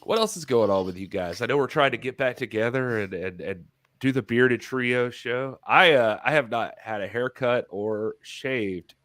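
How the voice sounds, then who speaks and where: A man's voice: medium pitch, animated, moderate pace, fairly bright tone, no echo, studio quality. A man co-hosting a casual wrestling talk show over a video call, chatting in a loose, rambling way. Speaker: podcast co-host. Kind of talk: casual chat.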